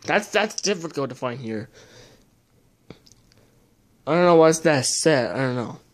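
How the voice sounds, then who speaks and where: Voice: medium pitch, lively intonation, measured pace. A young adult host muttering casual commentary while opening trading card packs, often swearing in frustration.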